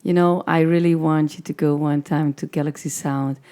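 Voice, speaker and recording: A woman from the Netherlands, a guest DJ, talking in a hoarse voice in a casual, enthusiastic interview chat. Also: sits low, fairly even intonation, moderate pace, mellow.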